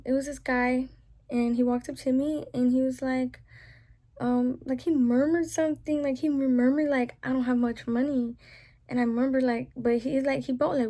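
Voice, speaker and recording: A woman's voice: fairly high pitch, a little mellow. A young Southern woman ranting casually to camera, rambling with lots of "like" and "you know what I'm saying.".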